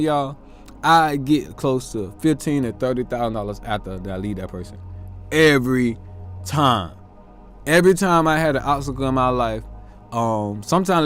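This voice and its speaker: A man hosting a reflective motivational monologue, earnest and self-questioning, drawing out his words as he muses. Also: medium pitch. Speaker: host.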